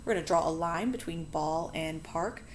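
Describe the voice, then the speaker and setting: A woman's voice: sits low, moderate pace, slight background noise. A woman teaching a phonics lesson to children, explaining board work patiently and chattily, correcting herself as she goes.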